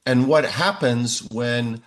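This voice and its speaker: A man in his sixties, a professor answering interview questions in a measured way, often pausing on "uh". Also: medium pitch. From United States. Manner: measured, frequent "uh" fillers.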